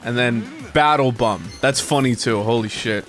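A man's voice: mid-range voice, moderate pace, a bit bright, faint music behind. A young man streaming a video game, reacting aloud with frequent swearing and sudden frustrated outbursts. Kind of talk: casual gaming stream commentary.

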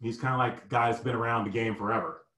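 Animated storytelling man in an echoey room. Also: medium pitch, fast talker. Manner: animated, acts out the people in his story. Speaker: guest storyteller. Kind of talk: personal storytelling. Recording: roomy echo.

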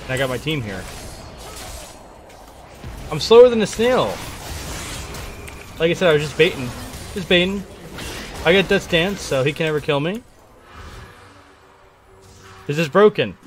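Excitable young man narrating his gameplay. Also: fairly high pitch, brisk, pauses often, soft background music. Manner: excitable, playful, trash-talking. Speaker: gaming streamer. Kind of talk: live gameplay commentary.

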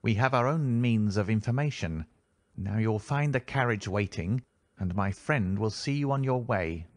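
A man voicing a sinister, giggling older kidnapper who speaks with soft menace, in a storybook reading. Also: fairly low pitch, animated, moderate pace, no room sound, lightly acted. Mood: threatening.

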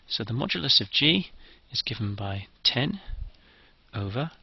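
A man's voice: medium pitch, sing-song, measured pace, gravelly, breathy edge, no echo, highs cut off. A man giving a methodical, step-by-step engineering lecture.

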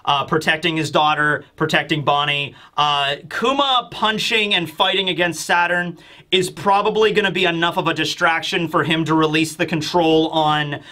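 An excitable male reviewer in casual commentary, close on the mic. His voice sits high and bright. He keeps slipping into short acted-out character lines. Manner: excitable, acting out character lines in quick bursts. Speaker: YouTube chapter reviewer.

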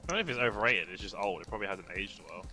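A man's voice: fairly low pitch, sing-song, racing, sharp tone, soft background music, poor audio. A young man chatting while gaming, telling rambling stories full of fillers. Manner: rambling, filler-heavy storytelling. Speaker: gamer. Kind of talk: casual gaming chat.

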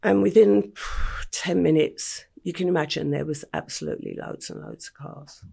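An older woman from England, telling her life story in an interview at a slow, matter-of-fact pace. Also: low-pitched, dark tone. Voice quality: gravelly, husky voice. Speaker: podcast guest.

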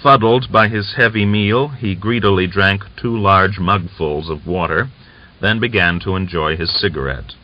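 A man narrating an audiobook novel in a measured, even storytelling delivery, on a dull lo-fi recording. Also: deep voice. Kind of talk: scripted narration.

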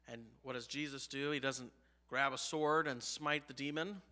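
A man's voice: medium pitch, fairly even intonation, normal speed, pushed and bright, long reverb tail. A male pastor preaching a sermon, emphatic, asking the congregation rhetorical questions. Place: church sanctuary.

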